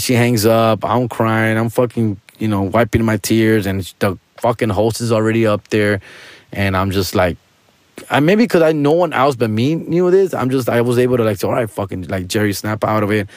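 On the low side and recorded dry, this male comedian and podcast host shares a personal story in a loose, frank manner, peppered with street slang.

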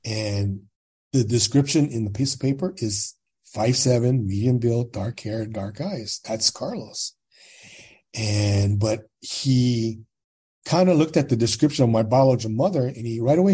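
A husky, medium-pitched voice, a little slow, belongs to a man in his sixties from California. As a podcast guest he relates his own story in a plain-spoken, casual way, animatedly voicing others' quoted words.

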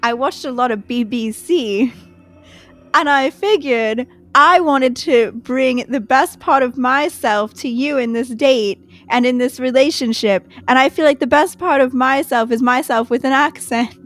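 A woman's voice: sits high, a little slow, faint music behind. Woman putting on a fake posh English accent. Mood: earnest.

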